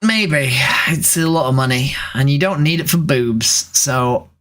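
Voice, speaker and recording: Seated at the camera in a room at home, a trans woman hosts a video chat stream, joking with and teasing strangers in casual talk. Her voice is extremely low in pitch and unhurried.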